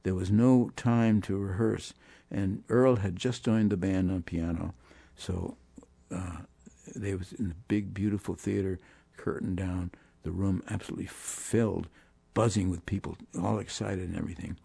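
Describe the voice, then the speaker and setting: An older man, a guest musician, telling animated anecdotes in an interview and voicing the people he quotes. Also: low voice, normal speed, vocal fry, few pauses, husky, dry recording. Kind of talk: storytelling interview.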